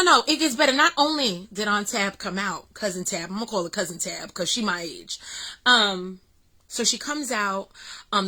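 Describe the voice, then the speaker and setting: A middle-aged woman, excitedly telling a story to her vlog audience with lots of fillers. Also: medium pitch, poor audio. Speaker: vlog host.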